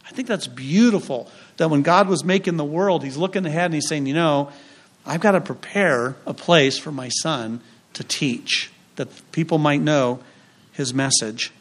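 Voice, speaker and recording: A male pastor preaching a sermon, emphatic and punchy, with dramatic pauses, repetition and acted-out quotes. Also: fairly high pitch.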